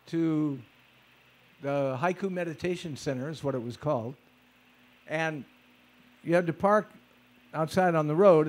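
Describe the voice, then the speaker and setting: A man telling personal stories in a lecture, conversational and animated, acting out footsteps with vocal sounds. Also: on the high side. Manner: conversational, with fillers and repeated starts. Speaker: speaker recounting personal stories. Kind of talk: storytelling lecture.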